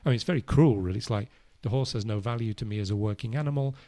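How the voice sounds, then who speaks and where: A man hosting an English-learning podcast, explaining a word casually and checking understanding with a quick "no?". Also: medium pitch, warm tone, dry recording. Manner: explains slowly with Spanish equivalents, asks "no?". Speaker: English teacher and podcast host.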